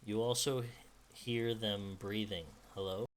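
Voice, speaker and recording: A young man with a slightly low voice streams a game, reading its text aloud and breaking off with casual asides. His talk is loose, full of fillers. Faint noise sits under the voice. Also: fairly even intonation, a little slow. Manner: narrates dialogue with asides and fillers.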